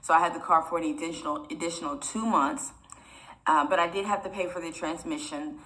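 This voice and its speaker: A young woman tells a long personal story straight to her viewers, rambling from one point to the next. Her voice sits on the low side, and she sounds emotional and close to tears. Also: a little fast, pushed and bright. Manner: rambling, chatty, repeats "y'all" often. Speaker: vlogger.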